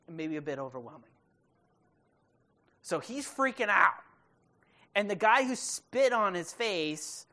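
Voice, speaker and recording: A woman preaching a sermon, retelling a story in a casual, conversational way with quick asides to the listeners. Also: lowish voice, fairly bright tone.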